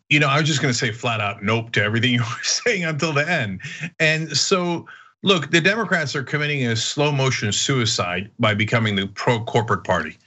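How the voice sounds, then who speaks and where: Emphatic, bright-voiced male host. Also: medium pitch. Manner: emphatic and animated, blunt pushback. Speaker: show host. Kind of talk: political debate.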